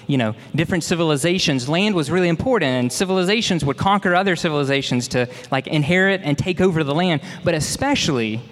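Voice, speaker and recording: A man's voice: fairly high pitch, long reverb tail. A young man from Mississippi, preaching a sermon in a conversational, folksy way with asides to the congregation. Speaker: pastor.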